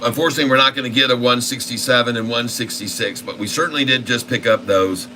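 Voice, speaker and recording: An excitable man calls out his trades live in a chatty, folksy manner, talking straight to the viewers. His voice is bright and forceful, with a mid-range pitch. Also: quick pace, slight background noise, poor audio. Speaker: stock trading channel host. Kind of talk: live commentary on day trading.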